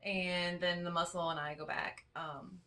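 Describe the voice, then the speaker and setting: Bright-voiced chatty woman vlogger. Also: fairly low pitch, fairly even intonation, a little slow. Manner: rambling, chatty, heavy on fillers like "you know" and "like". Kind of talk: casual storytelling vlog. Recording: voice a little distant from the mic.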